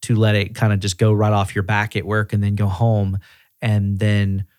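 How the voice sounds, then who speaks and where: A man with a low voice talks through leadership advice in a relaxed podcast conversation. His delivery is easygoing and conversational. The recording is dry and close, with no room echo. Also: normal speed. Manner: relaxed and conversational, often acting out quoted voices. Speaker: regional director of auto repair shops, podcast guest.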